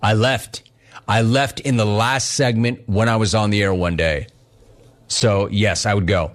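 A man's voice: lowish voice, unhurried. A middle-aged man hosting a sports radio show, chatting casually through listener questions and acting out the dialogue in his stories. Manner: animated storytelling, acts out quoted dialogue.

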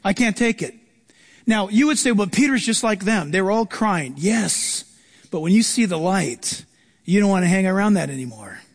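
A man's voice: sits high, normal speed, big-room sound. A man preaching a sermon, reading scripture and acting out the voices of the people in it. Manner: animated, acts out quoted voices.

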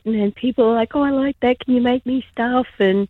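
A woman from Queensland with an Australian accent, calling in to radio, hoarse with laryngitis and wry about herself. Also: a little high, brisk, no echo. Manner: wry, self-deprecating. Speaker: caller. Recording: tinny phone line.

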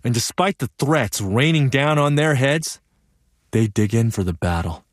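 A young actor narrating a one-man stage play as an earnest young man, telling the story in a lively, wry way. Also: medium pitch, a little slow, no room sound, studio quality, natural voice.

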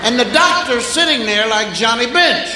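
A man doing stand-up, telling a long story slowly and acting out sounds and voices for a live audience. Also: very high voice, lively intonation, heavy background noise. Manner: drawn-out, acts out sounds and voices. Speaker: stand-up comedian. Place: theater stage before a live audience. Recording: roomy live hall recording with crowd. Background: audience laughter.

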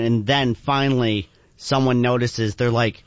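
A man's voice: medium pitch, fairly even intonation, a little slow, dry recording, muffled recording. Man telling a story in a rush. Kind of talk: casual storytelling.

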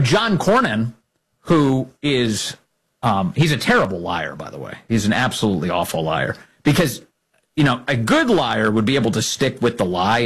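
A man hosts an opinionated political commentary show in a husky voice that climbs and falls with lively emphasis. He talks in a sarcastic, indignant way and keeps needling the people he quotes. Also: mid-range voice.

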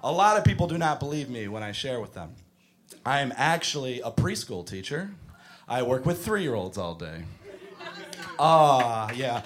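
A man doing a stand-up comedy set on a club stage, animated and breaking into shouted impressions. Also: mid-range voice, normal speed, slight background noise.

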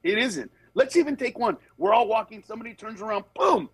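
Man, comedian, husky voice, swooping lively pitch, storytelling chat. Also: a little fast, dry recording, low-quality recording. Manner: animated, jumps into voices of other people mid-story; turns earnest and steady on serious points. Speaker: comedian guest. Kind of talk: candid conversational storytelling.

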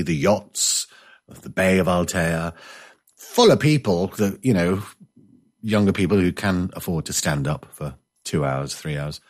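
A man hosting a casual chat show, telling rambling stories with jokey, self-mocking asides and reading out listener messages. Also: low voice. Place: indoors, living in coastal Spain.

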